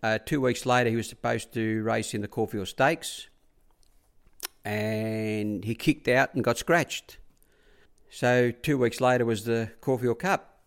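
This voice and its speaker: His gravelly, mid-range voice comes across clean, a little slow, with fairly even intonation. A middle-aged Australian and former track rider, he drifts through stories in a casual interview, acting out quoted speech and leaning often on "I said."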